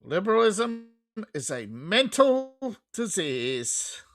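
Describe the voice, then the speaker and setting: Sarcastic woman, slow and lively. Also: medium pitch. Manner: sarcastic, mocking. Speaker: host. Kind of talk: reaction commentary.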